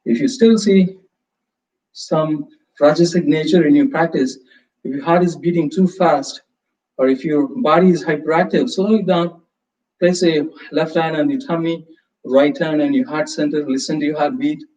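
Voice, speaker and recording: A man guides a live yoga class, calling out poses and breaths in a calm, unhurried way. His voice sits fairly high for a man and comes from a bit away from the mic. The sound is roomy and slightly muffled. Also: distant mic. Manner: calm, slow step-by-step cues with breath prompts. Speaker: yoga instructor.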